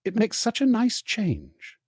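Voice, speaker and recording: Wry teenage twin boy read by a man, teasing, low husky voice, dry. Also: normal speed, dry recording. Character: cheeky teenage boy, one of twins.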